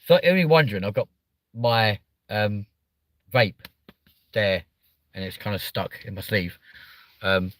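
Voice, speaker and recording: Blunt, sweary English streamer. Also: male voice, lowish voice, unhurried, pauses often, a bit bright, no room sound. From England. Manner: blunt, sweary, reads chat aloud. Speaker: live stream host. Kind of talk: casual live stream chat.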